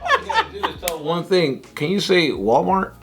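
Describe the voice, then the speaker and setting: A man's voice: high voice, huge pitch swings, moderate pace, fairly bright tone. A man in casual comedy panel chat, swearing a lot and laughing often. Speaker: guest.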